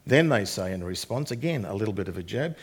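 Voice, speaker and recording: Gravelly, husky-voiced male preacher. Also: lowish voice, animated, quick pace. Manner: paraphrases scripture in plain conversational speech. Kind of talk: expository sermon on scripture.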